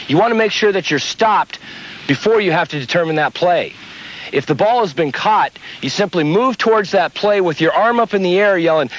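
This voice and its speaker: A man instructing beginners on umpire mechanics, explaining each step in a steady, methodical way. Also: fairly high pitch. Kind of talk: instructional demonstration. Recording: dull lo-fi old video audio.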